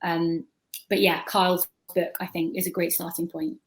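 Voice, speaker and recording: A woman's voice: fairly low pitch, level tone, moderate pace, rough recording. A woman on a video-call panel, talking at length in a thoughtful, chatty way and often restarting her words.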